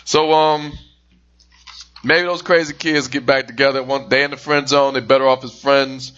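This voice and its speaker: A man's voice: mid-range voice, level tone, normal speed, a bit bright, muffled recording, a little hiss or hum. A man co-hosting a podcast, telling a jokey story in casual chat, swearing now and then. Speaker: podcast co-host.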